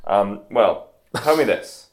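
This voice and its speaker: A man's voice: fairly low pitch, expressive, takes it slowly. A man chatting as a podcast co-host, joking and teasing with crude humour. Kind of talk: casual chat.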